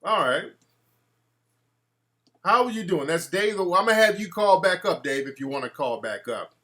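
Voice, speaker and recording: A man's voice: high voice, animated, normal speed, sharp tone. A man hosting a casual call-in show, talking in a brash, profane way and reacting to his live chat. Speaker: talk show host.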